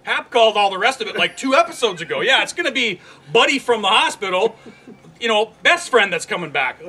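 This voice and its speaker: High animated ranting man. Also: a little fast, slightly rough. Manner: profane ranting, shouts then trails off into mumbling. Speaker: podcast co-host. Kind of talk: casual review chat.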